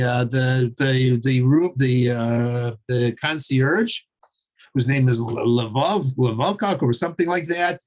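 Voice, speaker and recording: A man teaching a class and retelling a story, stumbling over and repeating his words, with frequent fillers and chuckles. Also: medium pitch. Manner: chuckles while telling. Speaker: Torah teacher.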